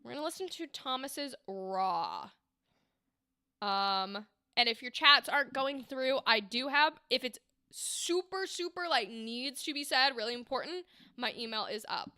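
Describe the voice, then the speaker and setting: A woman's voice: a little high, expressive, a little slow, sharp tone, smooth, dry recording, clean studio sound. A woman hosting a livestream, chatty and enthusiastic, giving voice acting feedback and acting out example lines. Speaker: livestream host and voice acting coach.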